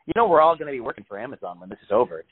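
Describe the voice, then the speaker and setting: A man's voice: mid-range voice, big pitch swings, rapid-fire, slight background noise. A man chatting casually and comically as co-host, rambling and cursing a lot. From New York. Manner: joking, profane, rambling with many fillers. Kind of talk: casual comedic chat. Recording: thin phone-like sound.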